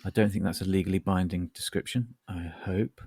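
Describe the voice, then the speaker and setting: A man's voice: sits low, fairly even intonation, a little fast, creaky, a little mellow, slightly rough, dry recording, clean studio sound. A man co-hosting a podcast, telling rambling, wry anecdotes with plenty of asides. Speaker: podcast co-host. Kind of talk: casual chat.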